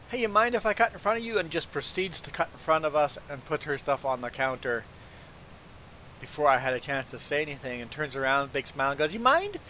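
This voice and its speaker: On a rough recording with slight background noise, a mid-range male voice belongs to a Belizean streamer spinning a casual story during a farming-game stream. His delivery is lively, with stammers on repeated "I"s and acted-out impressions of the people in his tale.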